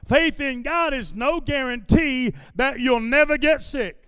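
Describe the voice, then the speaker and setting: High-voiced man preaching a sermon. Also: a little slow, smooth, no echo, clean studio sound, in a large hall. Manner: repetitive preaching cadence that builds into shouted declarations. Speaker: pastor. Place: church sanctuary during a service.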